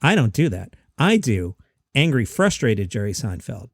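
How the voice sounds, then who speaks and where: A man hosting a comedy news podcast, talking in a quick, chatty, self-mocking way. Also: mid-range voice, big pitch swings, vocal fry, dry recording, clean studio sound. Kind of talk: casual comedy news commentary.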